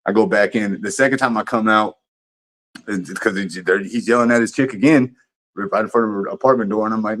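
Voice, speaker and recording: A man's voice: fairly low pitch, a little fast, fairly bright tone. A man livestreaming, telling a story in a casual, profane, rambling way with lots of restarts.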